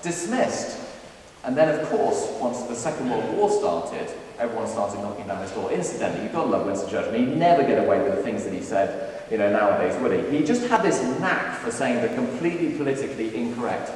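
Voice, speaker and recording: Animated man preaching in an echoey hall. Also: medium pitch, a little fast, slight background noise. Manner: animated, acts out quotes with playful humor. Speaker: speaker at a student Christian lunchtime talk. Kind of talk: lively evangelistic talk. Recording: echoey hall, recorded from a distance.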